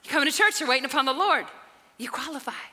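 Bright, exuberant woman pastor preaching. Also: high-pitched, expressive, quick pace. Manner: exuberant, laughing, swings from soft to shouting. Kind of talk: sermon. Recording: live church hall reverb with music.

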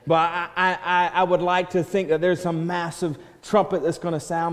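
Preacher with a long church echo. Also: male voice, on the high side, level tone, normal speed, few pauses. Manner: swings from loud proclaiming to soft hushed quoting; repeats words and restarts when building a point. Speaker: pastor. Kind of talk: sermon. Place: church sanctuary. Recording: church hall reverb.

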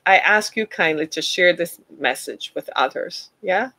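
A woman's voice: fairly low pitch, measured pace, pushed and bright, rough recording. A woman giving an emphatic, preacher-like motivational talk to her listeners, calling them "y'all.". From United States. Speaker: speaker addressing listeners.

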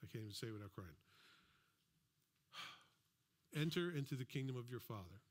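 A man's voice: medium pitch, expressive, normal speed. A man preaching a sermon as a pastor, in a conversational style with asides and acted-out quotes. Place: church.

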